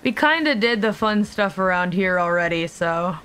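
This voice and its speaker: A woman's voice: medium pitch, lively intonation, moderate pace, fairly bright tone, clean tone. A young woman streaming a video game, chatting casually with her audience, joking around and swearing freely. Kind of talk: casual live-stream commentary.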